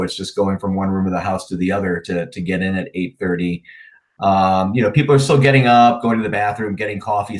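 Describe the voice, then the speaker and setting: A managing partner talking casually in a remote interview, relaxed and plain-spoken, with frequent "uh"s and restarts over a video call. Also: male voice, lowish voice. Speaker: managing partner of an insurance agency.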